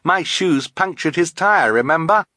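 Man doing a teenage girl inventor, high-pitched, urgent, bright tone, storybook audiobook. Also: animated, unhurried, no echo, studio quality, heavily acted. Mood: hopeful.

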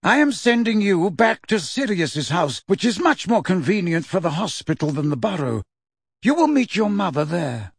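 A man voicing an elderly wizard headmaster who speaks in a measured, authoritative and courteous way, in a dry, close recording. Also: high-pitched, very animated, slightly rough, no room sound, pitched above the performer's own voice, full character voice. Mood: calm, urgent. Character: elderly wise male headmaster wizard, calm and commanding.

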